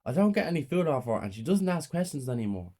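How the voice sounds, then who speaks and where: A man voicing a frightened young girl who pleads in a high, strained voice. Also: very animated, fast, dark tone. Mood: pleading. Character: scared young girl, pleading with her mother.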